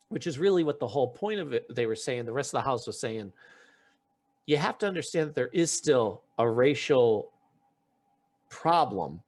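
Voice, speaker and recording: A man's voice: medium pitch, lively intonation, normal speed, darkish tone. A man hosting a podcast, retelling a story in casual chat and acting out the quotes as he goes, often restarting his sentences. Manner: frequent restarts while recounting. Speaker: podcast host.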